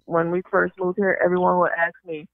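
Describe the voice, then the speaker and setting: A high-pitched, gravelly man tells stories in relaxed talk-show chat. His delivery is animated and packed with fillers. The sound is dry and squeezed through a narrow, phone-like band. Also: fairly quick, no room sound. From Southern US, New Orleans area. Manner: animated, laughing, heavy on fillers like "you know". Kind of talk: casual storytelling on a talk show.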